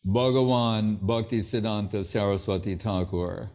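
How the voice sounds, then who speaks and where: A man's voice: mid-range voice, a little slow, dark tone. A man giving an anecdotal sermon as a spiritual teacher, telling stories and acting out the dialogue of the people in them. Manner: storytelling, acting out quoted dialogue.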